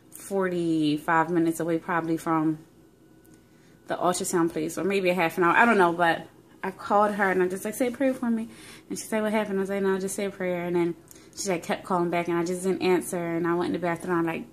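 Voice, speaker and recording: A woman's voice: lowish voice, flat delivery, brisk, a little hiss or hum. Young woman, casual phone vlog, rambling and emotional, lots of fillers. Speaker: vlogger. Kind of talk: casual pregnancy update vlog.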